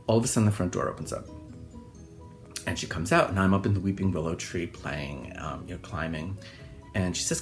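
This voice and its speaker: A middle-aged man, a hairstylist, telling a personal childhood story in an animated, expressive way, acting out the scenes. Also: lowish voice, a little fast, soft background music.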